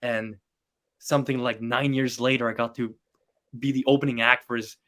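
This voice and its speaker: A young man in his late teens with a French accent, speaking English as a later language. He tells stories in an animated way with plenty of fillers, at a middle pitch, as a podcast guest. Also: moderate pace. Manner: animated storyteller, many fillers. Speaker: guest magician. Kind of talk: podcast interview.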